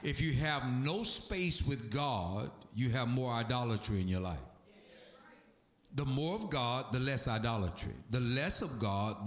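Emphatic preaching man, lively pitch. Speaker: pastor. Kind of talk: sermon. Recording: echoey room.

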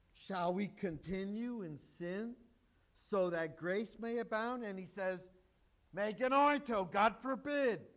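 A man's voice: high voice, fairly bright tone. A male pastor preaching a sermon, emphatic and joking with the congregation.

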